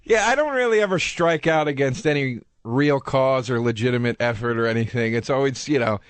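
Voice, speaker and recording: A man's voice: medium pitch, brisk, smooth, no room sound. A man co-hosting a comedy talk show, telling profane stories and laughing often. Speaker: comedian co-host. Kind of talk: casual comedy chat.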